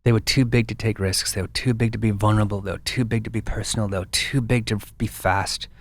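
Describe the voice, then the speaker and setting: A man guest and brand founder in a casual interview, an animated storyteller with frequent restarts. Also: lowish voice, quick pace.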